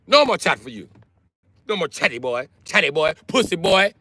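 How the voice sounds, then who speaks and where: A man doing a loud taunting woman in patois. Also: a little high, sing-song, moderate pace, dry recording, voice pushed up, full character voice. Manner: shouting, taunting, sing-song.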